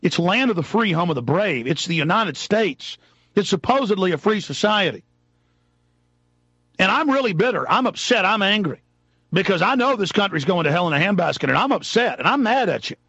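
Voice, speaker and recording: A radio talk show host, ranting furiously and often shouting, live on air. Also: male voice, high-pitched, very animated, fairly quick, husky, no room sound, dull audio.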